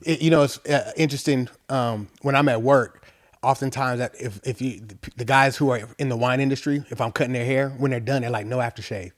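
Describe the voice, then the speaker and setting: A man hosting a podcast, chatting in a relaxed, friendly way and using casual slang. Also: mid-range voice, fairly quick, dry recording, studio quality. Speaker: podcast host. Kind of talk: casual interview chat.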